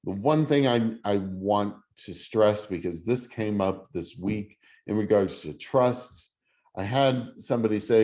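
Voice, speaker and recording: A middle-aged man leading a real estate class, talking slowly in a fairly low voice. He teaches casually and haltingly, full of ums and restarts. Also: a little mellow. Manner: halting, many fillers and restarts. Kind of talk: casual teaching over video call.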